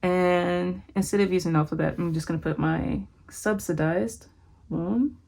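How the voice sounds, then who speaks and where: Young woman vlogger, low gravelly voice, candid and chatty, reads numbers out slowly. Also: steady tone, darkish tone. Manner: candid, thinks aloud, slow deliberate reading of figures. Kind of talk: casual vlog talking through finances.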